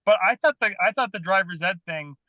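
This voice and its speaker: Male actor-type co-host, high and bright, dry close mic, opinionated casual talk. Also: lively intonation, a little fast, no echo. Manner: chatty, opinionated about filmmaking. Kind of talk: casual movie review chat.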